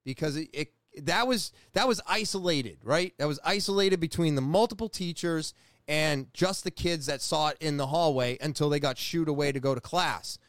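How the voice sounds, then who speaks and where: A man in his forties from New England telling a personal story in a casual, profane, animated way, often restarting his sentences. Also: a little high, normal speed, no echo, clean studio sound. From New England, USA. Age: 40s.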